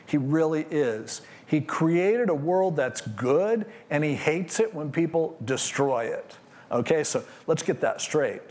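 A man pastor preaching a conversational sermon on scripture, animated and acting out what people might say. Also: on the high side, slow pace.

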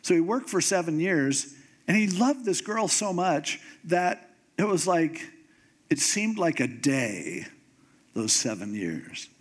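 A man with a slightly high voice preaches a sermon in a lively storytelling way. He acts out the people in his story with comic pitch jumps. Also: takes it slowly. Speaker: pastor.

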